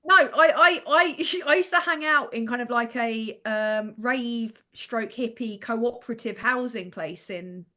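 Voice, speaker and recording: A woman's voice: on the high side, a little slow, hardly any pauses, bright, forceful tone. A young woman in casual panel chat, chatty and laughing, with plenty of fillers. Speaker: panel guest.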